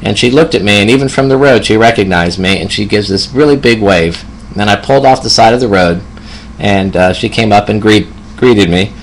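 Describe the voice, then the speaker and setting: A man's voice: fairly low pitch, fairly quick, a little hiss or hum, low-quality recording. A man in his fifties, a hospice nurse, telling a personal story in a reflective way and laughing often. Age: 50s.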